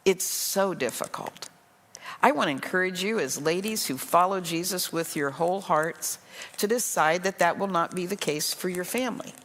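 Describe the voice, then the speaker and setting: A woman's voice: fairly low pitch, a bit bright. Emotional older woman pastor preaching. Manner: earnest, emotional, conversational preaching. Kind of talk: sermon to a women's group. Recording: long hall reverb.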